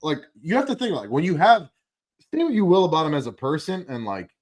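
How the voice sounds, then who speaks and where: A man co-hosting a fight-sports livestream in a loose, rambling way, full of fillers and swearing. His pitch swings widely, so his delivery sounds animated. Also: a little fast, crowd noise. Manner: rambling, profane, lots of fillers. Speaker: livestream co-host. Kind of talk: casual MMA livestream chat.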